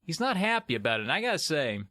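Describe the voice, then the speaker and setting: A man's voice: on the high side, sing-song, quick pace, sharp tone, no room sound, clean studio sound. A man co-hosting a podcast, chatting casually with playful, drawling asides. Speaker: podcast co-host.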